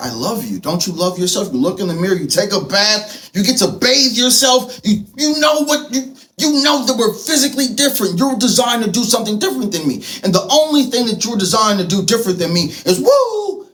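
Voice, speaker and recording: A man delivering a fervent, profane political monologue that swings between loud outbursts and soft asides. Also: sits high. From United States. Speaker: political vlogger. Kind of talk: impassioned monologue.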